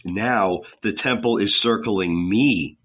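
A man's voice: on the low side, slow pace, a bit bright, husky, lo-fi sound, exaggerated voice. A man reading an audiobook, voicing a defiant preacher who speaks firmly and with sarcasm. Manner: firm, weighty, at times sarcastic. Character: defiant male preacher, fiery and mocking.

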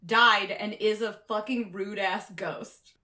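A woman chatting casually and animatedly, swearing a lot and mocking characters with quick impressions. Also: medium pitch, steady tone, pushed and bright, roomy sound. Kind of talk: casual chat.

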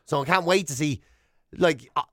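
A man's voice: a little high, moderate pace, fairly bright tone, dry recording, studio quality. A man with an Irish accent, co-hosting a podcast in casual chat, telling a story with animation. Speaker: podcast co-host.

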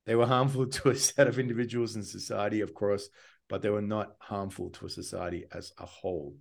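A man co-hosting a podcast, speaking calmly and reading quotes in a measured way. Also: on the low side, vocal fry. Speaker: podcast co-host. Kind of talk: casual chat, reading quotes aloud.

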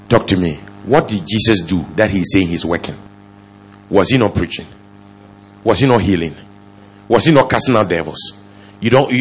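A male pastor preaching a sermon, firing off rhetorical questions and swinging from low murmurs to loud exclamations. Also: slightly rough.

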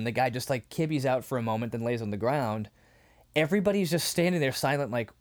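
Animated, laughing male podcast co-host. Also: moderate pace. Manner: animated, laughs often, acts out scenes with loud outbursts; wide pitch swings. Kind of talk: casual chat.

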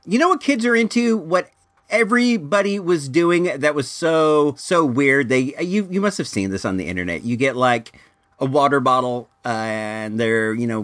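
Rambling casual male podcast host. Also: mid-range voice. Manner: rambling, animated when telling stories, filler-heavy. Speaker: podcast host and movie reviewer. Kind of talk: casual comedic storytelling and review.

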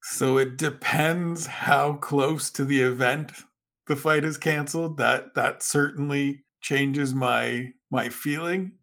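A man's voice: mid-range voice, steady tone, slow pace, fairly bright tone. A man from Canada, a guest writer on a podcast, explaining things at length in casual chat and giving advice.

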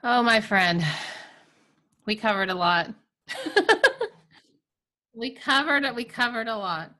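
A woman co-hosting a casual podcast, laughing often and talking in a lively, expressive way. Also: a little high, slow pace. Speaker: podcast co-host.

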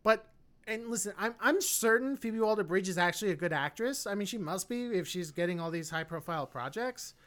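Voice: medium pitch, animated, brisk, fairly bright tone. A podcast co-host giving a casual, opinionated film review, rambling with lots of fillers and restarts. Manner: opinionated, blunt.

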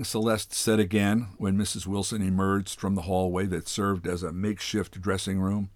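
A man hosting a program where he reads a literary short story aloud, in unhurried, measured narration. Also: sits low, level tone, darkish tone, no room sound. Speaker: host reading stories aloud.

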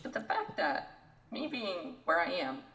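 A woman co-hosting a podcast, ranting in an animated, exasperated way in casual chat. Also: lowish voice, a little slow, roomy sound, low-quality recording. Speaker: podcast co-host.

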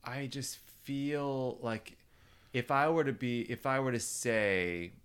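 A man hosting a podcast, talking over parenting in a relaxed, reflective way and acting out the lines he quotes. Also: medium pitch, slow pace, clear, resonant tone. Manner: reflective, acts out quoted voices. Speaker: podcast host. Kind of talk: casual conversation.

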